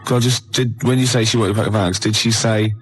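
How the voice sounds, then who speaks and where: A man's voice: fairly low pitch, fairly even intonation, brisk, a little hiss or hum, low-quality recording. A man co-hosting a radio chat show, cutting into the story with dry asides. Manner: interjecting dry quips. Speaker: co-host.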